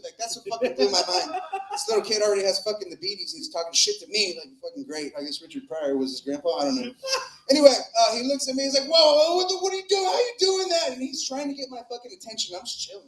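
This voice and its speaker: In an echoey club, a man with a bright, high voice rambles through a profane, crude set at an open-mic stand-up night.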